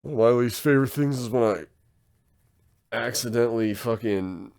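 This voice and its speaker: A man's voice: medium pitch, moderate pace, creaky, darkish tone, clear, resonant tone. A young man co-hosting a podcast in casual chat, joking crudely and swearing often. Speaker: podcast co-host.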